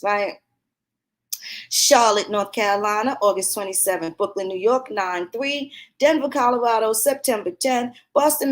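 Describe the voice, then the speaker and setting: Profane ranting woman, high voice. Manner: profane, heated, mocking. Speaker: commentary vlogger. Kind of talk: ranting commentary.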